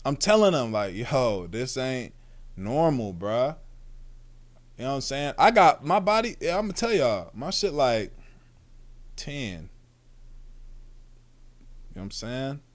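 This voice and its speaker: A man's voice: on the high side, sing-song, normal speed, pauses often. A young man streaming and reacting to a video, talking casually with lots of slang, swearing and restarts. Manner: rambling, slangy, swears freely, restarts often. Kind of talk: casual chat.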